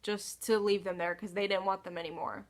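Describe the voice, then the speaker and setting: A woman's voice: medium pitch, level tone, a little fast. Exasperated woman telling a story. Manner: exasperated, sighing, swears freely. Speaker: storytime vlogger. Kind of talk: casual storytelling.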